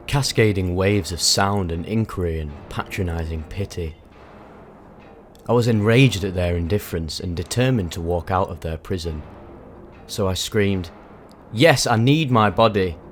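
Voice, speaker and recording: A man narrating a harrowing personal experience in vivid, intense, emphatic storytelling. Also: low-pitched. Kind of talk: dramatic first-person storytelling.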